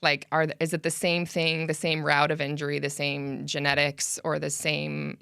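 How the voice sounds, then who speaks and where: A woman who coordinates a concussion program, talking casually and animatedly on a podcast, full of fillers and quick laughs. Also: deep voice, flat delivery, creaky, bright, forceful tone, clean tone, no room sound, clean studio sound. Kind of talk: casual conversational interview.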